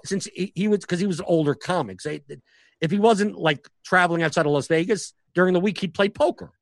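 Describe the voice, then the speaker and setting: Male comic, chatty podcast guest, somewhat high voice, dry close sound, talks in loose rambling bursts. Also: fairly bright tone, no room sound. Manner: rambling, fast, many restarts and filler words. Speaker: stand-up comic and professional poker player. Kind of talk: casual podcast conversation.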